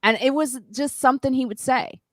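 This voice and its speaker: Animated storyteller woman, podcast host. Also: high-pitched, fairly quick, no room sound, studio quality. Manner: animated storyteller, acts out quotes loudly. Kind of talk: casual chat.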